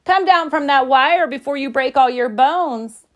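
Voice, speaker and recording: A woman's voice: high voice, measured pace, dull audio, voice pushed up. A woman voicing a fretful, frazzled mother cat in a read-aloud storybook, scolding in sing-song rhymes. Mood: alarmed.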